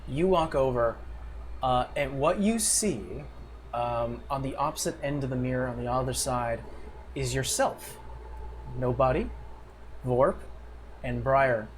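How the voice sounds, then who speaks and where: A man's voice: mid-range voice, unhurried, long pauses. A man running a tabletop game as game master, describing scenes with frequent fillers and restarts. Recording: faint background noise.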